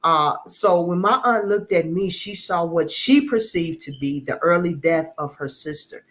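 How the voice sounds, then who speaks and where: A man's voice: on the high side, measured pace, fairly bright tone. Earnest middle-aged man telling his story. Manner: earnest, emotional, repeats words while searching. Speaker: interview guest. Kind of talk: personal testimony in an interview.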